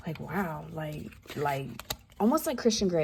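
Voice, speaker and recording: A woman's voice: low-pitched, sing-song, extremely slow, vocal fry, long pauses, slight background noise. A woman giving a casual tarot reading, loose and profane, with slangy asides and the odd drop into a whisper. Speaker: tarot reader.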